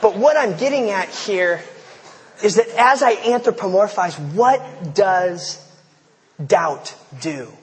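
Male pastor, casual sermon delivery with slangy asides, light high voice, hall echo. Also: expressive, takes it slowly. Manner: conversational, storytelling, slangy asides. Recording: long hall reverb.

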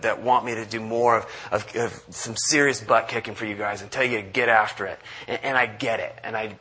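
A man's voice: mid-range voice, sharp tone, breathy edge. A man preaching a conversational sermon, acting out quotes and restarting often. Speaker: pastor.

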